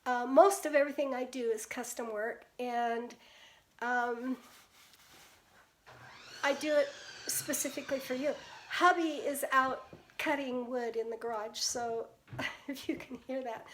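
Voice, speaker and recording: High-voiced older woman chatting on a live stream. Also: slight background noise. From Pacific Northwest US. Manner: chatty, greets viewers, laughs often. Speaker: painter hosting a live stream. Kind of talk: casual live-stream chat.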